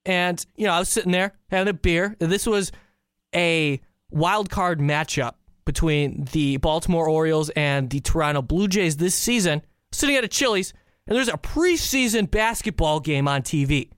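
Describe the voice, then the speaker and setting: A man from the Chicago area hosting a podcast, telling a story in an animated, incredulous way. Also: a little high, moderate pace, clean tone, dry recording, studio quality. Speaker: podcast host. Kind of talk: casual solo podcast rant.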